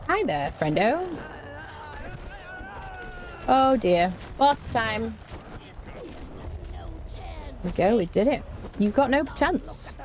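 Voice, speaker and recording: A woman's voice: a little high, animated, takes it slowly, long pauses, a little mellow. A woman streaming a game, chatting casually, humming little tunes to herself, joking and talking to enemies and her chat as she plays. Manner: chatty, hums and mutters to herself while playing. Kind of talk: casual gameplay commentary.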